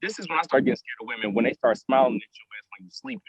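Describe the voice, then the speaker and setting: A man's voice: mid-range voice, racing, vocal fry, dull audio, a crowd in the background. A man co-hosting a podcast, telling stories in an emphatic, joking way during a casual group chat. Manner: animated storyteller, emphatic, joking. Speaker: podcast co-host.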